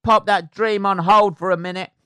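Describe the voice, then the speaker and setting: A man voicing a loud, cheeky bloke who mockingly puts someone's dreams on hold. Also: high-pitched, fairly even intonation, normal speed, clear, resonant tone, dry recording, clean studio sound, voice pushed up.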